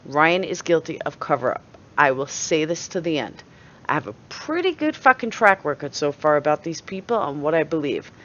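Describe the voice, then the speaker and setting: A low-voiced woman with a New York accent delivers opinionated commentary, blunt and sarcastic and quick to swear. Her pitch swings widely, and the recording sounds dull and lo-fi. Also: animated, fairly bright tone. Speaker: channel host.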